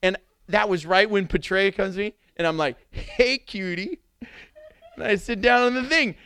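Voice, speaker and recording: A middle-aged man preaching a sermon with animated storytelling, jumping into sudden impressions. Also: high voice, fairly quick, clean tone, no room sound. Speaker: pastor.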